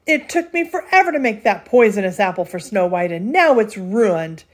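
A woman's voice: medium pitch, very animated, normal speed. A woman reading a storybook aloud, voicing a spiteful wicked old queen disguised as an old lady, screeching her lines. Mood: furious.

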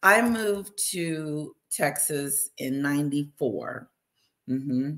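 A woman hosting a casual livestream, warmly greeting viewers by name, bubbly and chatty. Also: sits low, lively intonation, drawn-out words. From Wisconsin. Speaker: livestream host. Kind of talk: casual live chat with viewers.

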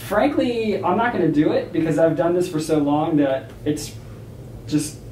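A man's voice: a little high, animated, normal speed, warm tone, a little hiss or hum. A man acting a teacher in an amateur school skit, laid-back and evasive, laughing things off. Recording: roomy echo, from far off the mic.

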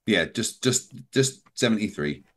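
A man from England with a softened Bristolian accent, co-hosting a live stream and reading chat comments in a wry, dry tone. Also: lowish voice, lively intonation, a little slow, breathy edge. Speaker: co-host.

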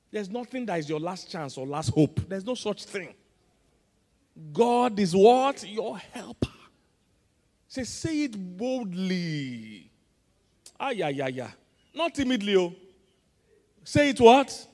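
A man with a Nigerian accent, a pastor preaching a sermon with emphatic call-and-response, swinging between loud and soft. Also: high-pitched, very animated, measured pace, long pauses, big-room sound. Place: large church auditorium.

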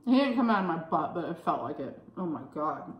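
A woman in her thirties with a Texan accent, telling a story in casual vlog chat, animated and swearing freely. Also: echoey room. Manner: animated, swears freely, acts out quotes in a high voice. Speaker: food vlogger telling a story. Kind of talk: casual storytime while eating.

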